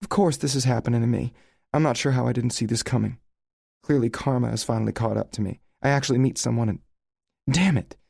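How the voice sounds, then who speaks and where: A man reading a novel aloud voices a furious, hurt young woman who shouts sharply and sounds near tears. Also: mid-range voice, flat delivery, fairly quick, gravelly, hardly any pauses, no echo, clean studio sound, pitched above the performer's own voice, natural voice. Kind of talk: audiobook character voice.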